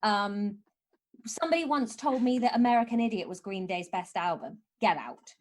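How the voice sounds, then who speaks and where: A woman's voice: on the high side, moderate pace. A woman comedian chatting as a podcast guest, sardonic and mock-grumpy as she rants, laughing between lines. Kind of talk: casual podcast chat.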